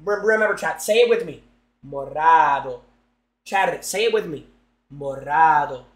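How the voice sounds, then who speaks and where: A young man live-streaming, chatting loudly and excitedly to his viewers while he opens game packs. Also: high-pitched, fast talker, roomy sound, background noise. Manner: excitable, loud, chanting and talking to chat.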